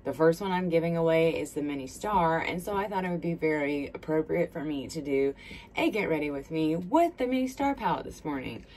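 A Southern woman in her thirties talks casually to her viewers, drifting from one aside to the next as she does her makeup. Her voice sits low. It is captured on a smartphone with a faint hiss underneath. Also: expressive, a little fast, darkish tone. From South Carolina. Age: 30s. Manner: chatty, rambling, friendly asides to viewers. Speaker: beauty vlogger. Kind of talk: casual get-ready-with-me chat.

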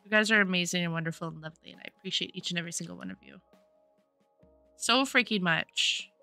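A woman's voice: fairly low pitch, fairly even intonation, very fast, vocal fry, sharp tone, soft background music. A woman streaming a life-sim game, chatting casually and gushing with thanks to her chat. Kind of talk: casual gameplay commentary. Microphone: desktop USB microphone.

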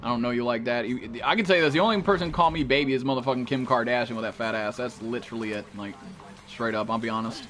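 A young man live-streaming a game, chatting to viewers in a loud, profane way and jumping into high yelps. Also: fast, background noise. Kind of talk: live-stream chat while gaming.

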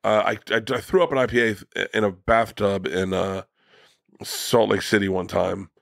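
Low-voiced man telling profane stories. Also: steady tone, moderate pace, creaky, no room sound, clean studio sound. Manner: profane, rambling anecdotes with restarts. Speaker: guest comedian. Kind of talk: casual storytelling conversation.

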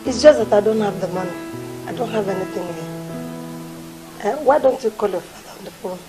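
A woman's voice: mid-range voice, moderate pace, natural voice. A woman playing a scornful Nigerian stepmother. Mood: cool. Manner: scornful, shouting. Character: resentful stepmother, sharp-tongued. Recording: loud film music behind.

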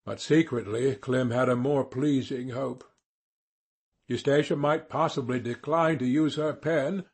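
A man reads a classic novel aloud in a measured, steady way. His voice is husky, and his pitch sits in the middle of the male range. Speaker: audiobook narrator. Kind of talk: scripted narration of a classic novel.

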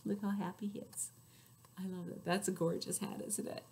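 A woman librarian leading a children's story time, reading aloud with sing-song rhymes, loud cheers and whispered asides. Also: mid-range voice, flat delivery, moderate pace, creaky, slight background noise.

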